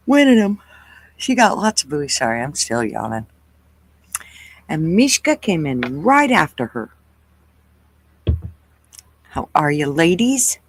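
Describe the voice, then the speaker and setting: Slow-talking livestream host, dry sound. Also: mid-range voice, no room sound, poor audio. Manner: relaxed, chatty, greets viewers by name. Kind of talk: casual livestream chat greeting viewers.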